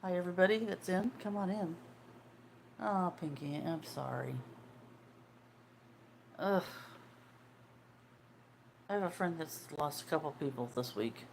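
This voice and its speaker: A woman's voice: on the low side, measured pace, vocal fry, long pauses, slight background noise. A woman in her sixties hosting a casual livestream, chatting and greeting viewers' comments as they come in. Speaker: livestream host.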